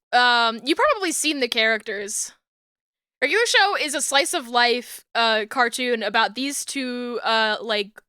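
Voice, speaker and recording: High, bright-voiced giggly streamer woman. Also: smooth, dry recording, studio quality. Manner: giggly, profane, rambling. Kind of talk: casual stream chat.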